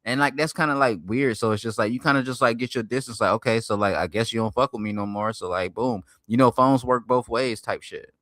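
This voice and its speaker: A man streaming and reacting to a video, talking loudly in profane slang and swinging between hype and mumbles. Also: medium pitch, fairly quick, few pauses, dry recording, clean studio sound. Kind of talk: casual reaction stream chat.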